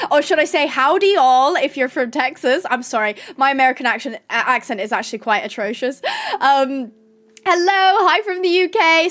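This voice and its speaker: A woman's voice: high voice, a bit bright. A young woman hosting a casual livestream from her room, reading chat messages aloud in a bubbly, chatty way and laughing often. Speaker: livestream host. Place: bedroom.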